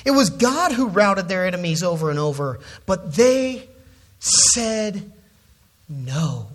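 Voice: mid-range voice, expressive, moderate pace. A preacher giving an expository sermon, stressing key words and often repeating words when restarting a phrase.

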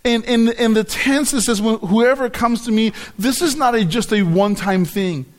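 A man's voice: very high voice, moderate pace. A man preaching a sermon on the Gospel, emphatic, often repeating words and stressing key phrases.

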